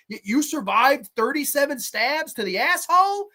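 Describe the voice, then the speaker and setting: A woman in her thirties hosting a horror movie review show, ranting with heavy profanity and sarcasm, swinging between low mutters and sudden shouts. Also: lively intonation, normal speed, few pauses. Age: 30s.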